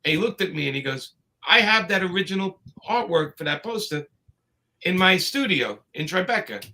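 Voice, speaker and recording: A man's voice: high-pitched, big pitch swings, moderate pace, bright, forceful tone. A man telling long, rambling anecdotes in a casual chat, full of fillers and restarts. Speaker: comics creator telling stories.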